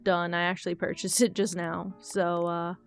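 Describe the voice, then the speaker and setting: A woman's voice: fairly low pitch, level tone, moderate pace. A young woman streaming a game, chatting in a candid, rambling way, thinking aloud and answering chat. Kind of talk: casual live-stream chat while gaming. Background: faint guitar music.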